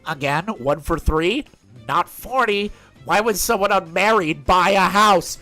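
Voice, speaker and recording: A man's voice: high voice, a little slow, pushed and bright, soft background music. A man streaming, replying in a dry, sarcastic way. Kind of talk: casual stream talk.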